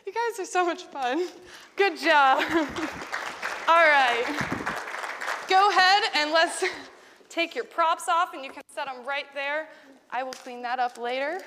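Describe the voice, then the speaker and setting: High-voiced woman teaching kids. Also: long reverb tail, a little hiss or hum. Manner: playful, animated, laughing often. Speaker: Bible class teacher. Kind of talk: acting out a Bible story with children.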